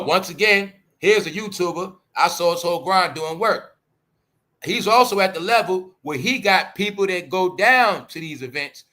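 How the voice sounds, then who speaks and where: A man's voice: sits high, sharp tone. A middle-aged man hosting a casual commentary show, talking emphatically and preachily to his viewers and calling them "y'all". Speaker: YouTube commentary host.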